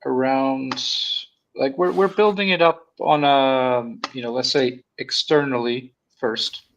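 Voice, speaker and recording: A man's voice: medium pitch, steady tone, takes it slowly, muffled recording. A man joining a live stream over a video call, chatting casually with hesitant fillers and dry jokes. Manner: hesitant, joking.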